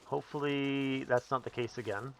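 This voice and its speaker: A man's voice: medium pitch, fairly even intonation, normal speed, vocal fry, a little hiss or hum. Chatty man streaming a game. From Northern Canada. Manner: chatty, answering chat while playing. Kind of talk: live gameplay commentary.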